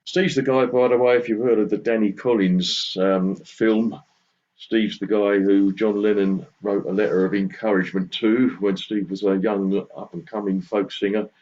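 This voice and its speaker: A man at a folk song circle telling a rambling, self-deprecating story before singing a slow lullaby. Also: lowish voice, steady tone. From southern England. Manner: rambling, self-deprecating anecdotes with soft chuckles. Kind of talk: chatty song introduction then sung lullaby. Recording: slightly dull lo-fi recording.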